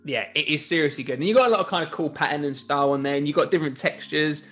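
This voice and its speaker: A man's voice: on the high side, racing, fairly bright tone. Chatty man hosting a golf shoe review. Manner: chatty, self-correcting, jokey. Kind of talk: casual chat.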